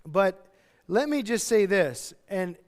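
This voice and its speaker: High-voiced man preaching in a hall. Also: slow pace. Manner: animated, acts out everyday voices. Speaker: pastor. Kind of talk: expository sermon. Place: church.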